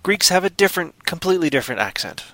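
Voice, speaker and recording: A man's voice: high voice, big pitch swings, quick pace, dry recording. A man hosting a podcast, chatting casually in a rambling, jokey way. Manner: rambling, jokey, bursts of loud goofy voices. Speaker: podcast host. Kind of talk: casual chat.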